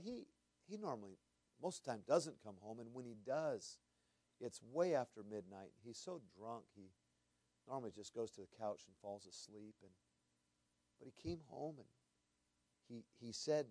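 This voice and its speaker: A man preaching from the pulpit with earnest feeling. His voice sits at a middle pitch and sounds close and dry. He often repeats his words and drops from loud to hushed. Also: no room sound. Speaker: pastor. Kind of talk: sermon storytelling.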